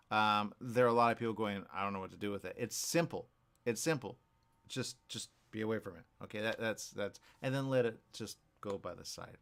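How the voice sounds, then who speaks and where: Rambling radio host, low-voiced man. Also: fairly bright tone. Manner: repetitive, hesitant, keeps asking "okay?". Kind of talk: rambling casual monologue.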